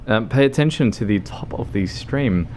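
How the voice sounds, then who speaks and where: A man's voice: mid-range voice, lively intonation, moderate pace, darkish tone, a little hiss or hum. A tipsy man with an Australian accent chatting and giggling with viewers on a gaming livestream. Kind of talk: casual gaming livestream chat.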